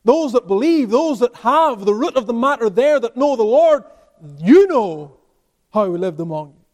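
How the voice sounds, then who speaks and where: High-voiced man preaching an emphatic sermon. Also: a little mellow. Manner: emphatic preaching with rising and falling intensity. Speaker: pastor. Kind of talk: expository sermon. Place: church.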